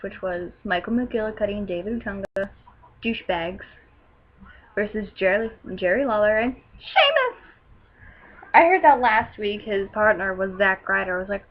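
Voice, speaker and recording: A teenage girl recapping a wrestling show in a casual, gushing way, breaking into loud excited outbursts. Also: medium pitch, moderate pace, highs cut off. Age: teens.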